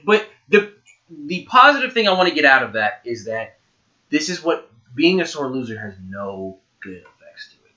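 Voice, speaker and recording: A man's voice: on the high side, very animated, moderate pace, sharp tone. A young man hosting a casual podcast chat, rambling and restarting as he steers the topic. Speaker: podcast host. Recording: dull lo-fi sound.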